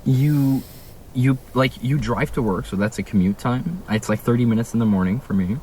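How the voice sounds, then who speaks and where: Filming a casual vlog in a room at home, a young man from Canada rants and hammers his points with emphatic rhetorical questions. His medium-pitched voice has a darkish tone and a moderate pace, with slight background noise.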